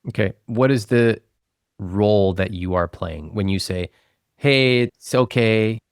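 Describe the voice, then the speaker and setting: A man hosting a personal finance interview, asking calm, probing questions of a couple. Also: low-pitched, unhurried, no room sound, clean studio sound. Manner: calm, probing questions, quotes others' words back. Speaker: host, financial advisor.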